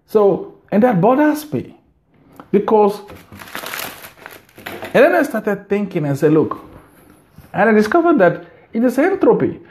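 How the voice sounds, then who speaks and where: Rambling Nigerian man, slow and high. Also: sing-song, darkish tone, a little hiss or hum. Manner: rambling, repeats words, emphatic. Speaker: vlogger. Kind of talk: casual monologue to camera. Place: his house.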